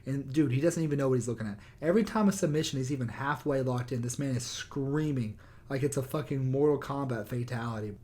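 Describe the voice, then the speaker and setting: A man's voice: medium pitch, quick pace, darkish tone. Young dude ranting into his mic, swears nonstop, sarcastic and fired up. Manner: swears a lot, heated and sarcastic. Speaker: YouTuber. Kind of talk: profane rant. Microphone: new microphone.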